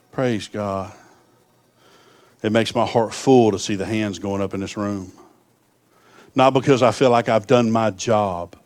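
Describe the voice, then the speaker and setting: A man's voice: lowish voice, darkish tone, no room sound. A middle-aged man preaching a sermon, telling folksy stories that swell into fervent appeals.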